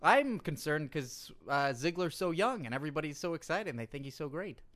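A podcast co-host in casual comedic chat, excitable and playful, swearing freely. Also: medium pitch, brisk.

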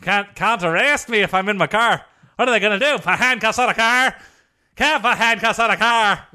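A man's voice: high-pitched, normal speed, bright, forceful tone. A man doing a stubborn, drowsy golfer.

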